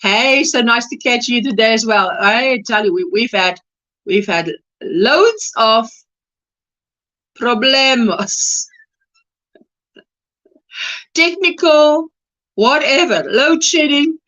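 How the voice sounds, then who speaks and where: Woman with an Afrikaans hosting a chatty livestream, unhurried, bright tone, slightly high voice, laughs a lot. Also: expressive. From South Africa. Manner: chatty, laughs often, greets viewers warmly. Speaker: livestream host. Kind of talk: casual livestream chat.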